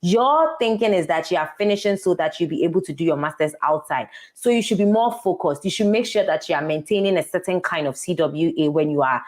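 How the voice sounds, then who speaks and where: A woman's voice: lowish voice, lively intonation, fairly quick, hardly any pauses. A young woman from Ghana with a Ghanaian accent, talking as an interview guest and giving earnest, emphatic advice in casual chat.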